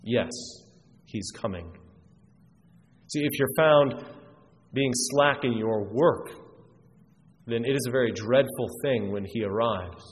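A man's voice: medium pitch, measured pace. A man preaching a sermon, earnest and emphatic, often restarting his phrases. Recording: reverberant hall, faint noise.

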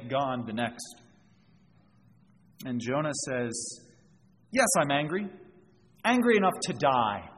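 A man's voice: medium pitch, fairly bright tone. A man preaching a sermon, explaining scripture verse by verse and drawing out everyday examples. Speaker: pastor. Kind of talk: expository sermon. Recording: long reverb, faint background noise.

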